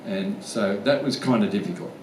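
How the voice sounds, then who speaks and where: A man's voice: fairly low pitch, normal speed. A man with an Australian accent telling stories in a casual, blunt way, swearing freely as a guest actor at a convention Q&A. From Australian outback. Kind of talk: casual storytelling Q&A answers. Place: large convention hall. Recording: echoey hall, from far off, faint room noise.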